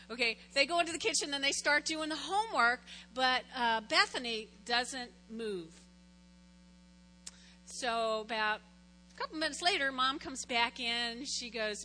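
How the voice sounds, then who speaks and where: A woman pastor gives a sermon in an echoing church hall. Her voice is high and bright, and she tells her stories with animated, acted-out quotes. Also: normal speed, slight background noise.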